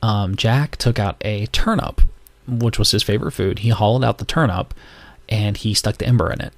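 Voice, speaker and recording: A podcast host from North Carolina gives a casual monologue, telling stories in a loose, rambling way packed with fillers. His fairly low voice runs at a normal speed in a dry recording.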